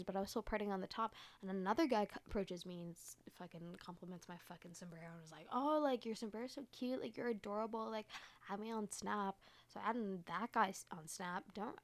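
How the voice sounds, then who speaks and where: Young woman podcast host: loose, chatty, profane delivery, lots of filler words. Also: medium pitch. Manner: chatty, swears often, heavy use of "like". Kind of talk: casual storytelling monologue.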